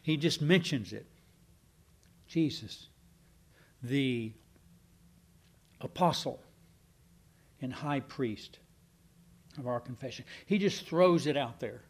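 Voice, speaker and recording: Preaching on a Sunday night, this male pastor teaches with emphasis, leaning on slow, deliberate stresses and occasional fillers. His voice is mid-range.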